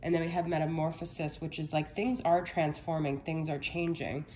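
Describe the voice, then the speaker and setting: A woman's voice: deep voice, steady tone, normal speed, darkish tone, echoey room, a little hiss or hum. A young woman giving a casual tarot reading, a little out of breath, chatty and reassuring, often checking in with "okay?". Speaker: tarot reader.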